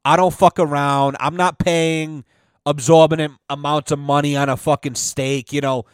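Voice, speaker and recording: Young guy podcasting, swears a ton, rambly funny stories, kinda high voice, dry close mic. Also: moderate pace, clear, resonant tone, no echo. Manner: profane, rambling, animated storytelling. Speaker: podcast host. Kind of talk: casual comedic monologue.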